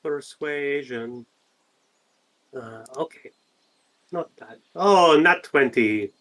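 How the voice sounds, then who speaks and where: A man playing in a tabletop game, chatting casually with quick, joking banter. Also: on the high side, a bit bright. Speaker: player.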